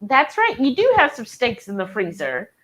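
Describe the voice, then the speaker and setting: A woman's voice: on the high side, moderate pace, crowd noise, poor audio. A woman co-hosting a casual livestream, chatting and reading viewer comments aloud. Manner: reads chat messages aloud, chatty and animated.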